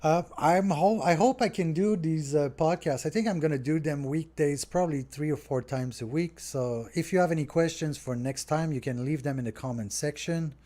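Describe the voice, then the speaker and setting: A man's voice: a little high, normal speed, hardly any pauses. A middle-aged French Canadian man from Montreal, talking casually and rambling a little as he answers viewer questions on his podcast. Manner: relaxed, rambling, talks straight to viewers. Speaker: restaurant owner hosting a Q&A.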